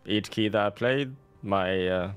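A man's voice: lowish voice, measured pace, clear, resonant tone. A man streaming a game, giving casual, sarcastic commentary with a salty edge.

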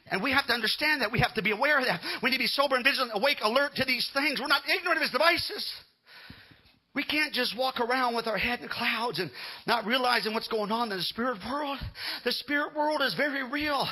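Husky, high-pitched shouting preacher man. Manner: shouting, fervent preaching with calls of amen and hallelujah. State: out of breath. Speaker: pastor. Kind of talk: sermon.

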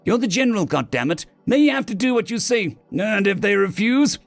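A man's voice: sits high, lively intonation, moderate pace, creaky, no echo, faint music behind, pitched above the performer's own voice. A man voicing a brash, foul-mouthed small woman general who talks bluntly and scolds. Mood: scolding.

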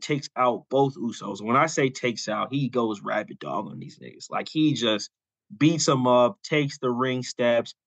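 A man's voice: medium pitch, fairly bright tone, no echo. A man co-hosting a podcast, telling a long story in a loose, rambling way full of "like" and "you know," and acting out quoted lines as he goes. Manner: acts out quoted lines in passing. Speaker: podcast co-host.

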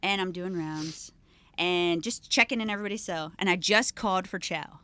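Podcast guest, woman, lively storyteller who acts out quoted voices, dry close-miked studio sound. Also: on the low side, moderate pace, clean tone, no room sound. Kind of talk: casual storytelling chat.

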